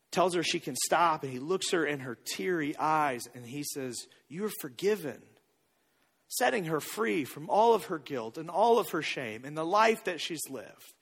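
A man preaching a sermon as a pastor, telling the stories with acted-out quotes and swinging from loud to hushed. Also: on the high side, breathy edge.

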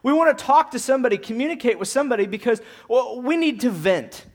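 A man with a notably high voice delivers a sermon. He preaches in a conversational way, often checking in with his listeners and acting out quotes from the people in his story. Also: lively intonation, fast talker. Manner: conversational preaching with tag questions and acted-out quotes. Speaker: pastor.

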